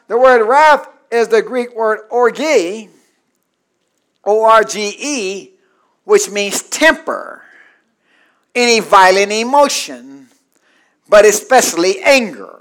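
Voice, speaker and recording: Preaching with a very high voice, a pastor repeats lines and has the congregation say them back. His sermon swings from soft asides to shouted climaxes.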